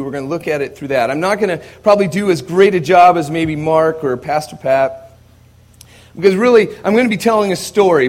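An American man, a visiting missionary, preaching a sermon to a congregation in a conversational storytelling way, moving from quiet asides to loud emphatic passages. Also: fairly high pitch. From United States. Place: church service before a congregation.

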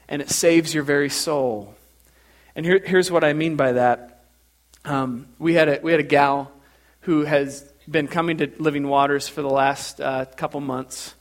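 A male pastor preaching a sermon in a church, telling stories in an animated way and repeating words as he builds up. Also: fairly high pitch.

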